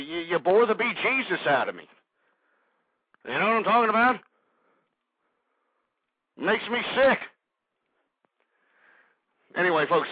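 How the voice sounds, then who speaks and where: A man's voice: high voice, husky, no echo. A man hosting a call-in radio show, ranting combatively at callers and repeating himself. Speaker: radio talk show host. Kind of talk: angry call-in radio commentary. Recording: dry phone-like radio audio.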